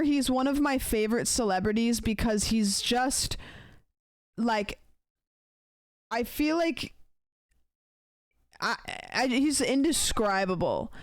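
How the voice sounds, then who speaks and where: A woman's voice: fairly high pitch, no room sound, clean studio sound. A young adult woman streamer in casual chat, rambling and playful and swearing now and then. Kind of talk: casual chat, ranking celebrities' texting habits.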